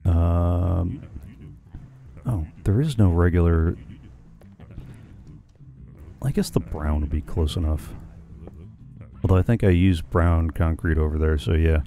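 A man's voice: sits low, slow, vocal fry, long pauses, mellow, faint music behind. A man chatting casually with his live-stream viewers while he plays, musing aloud and hesitating with frequent ums and restarts.

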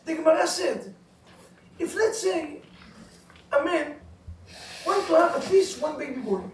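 A man's voice: extremely high pitch, measured pace, a little hiss or hum. A man teaching a couples class as a rabbi, telling jokes and quizzing the class in broken English. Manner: animated storyteller, broken English, asks the class questions. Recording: roomy echo, recorded from far off.

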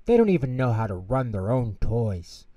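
Storybook role: big gentle whale, voiced by a man, friendly, chatty, lively, mellow-toned. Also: medium pitch, normal speed, no room sound.

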